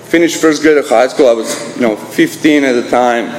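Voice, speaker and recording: A man's voice: medium pitch, normal speed, a little mellow. A middle-aged man from Croatia with a Croatian accent, telling his recovery story at a meeting in a blunt, profane, self-mocking way, restarting his sentences. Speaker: AA meeting speaker. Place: meeting hall. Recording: echoey hall with faint room noise.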